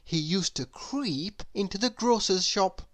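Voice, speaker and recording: A woman reading a children's story aloud, expressive and asking the listener questions. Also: medium pitch, measured pace.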